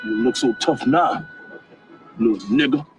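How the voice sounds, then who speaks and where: A man's voice: medium pitch, unhurried, muffled recording, close to an everyday voice. An actor playing a bitter, hostile man who rants insults in a film scene. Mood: sneering. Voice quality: sneering, insulting. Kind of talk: film acting. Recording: film clip with music under it.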